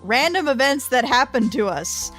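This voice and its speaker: A woman's voice: sits high, expressive, moderate pace, fairly bright tone, faint music behind. A young adult woman chatting casually and teasingly while playing through a dating game. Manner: exasperated, teasing. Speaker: let's play host.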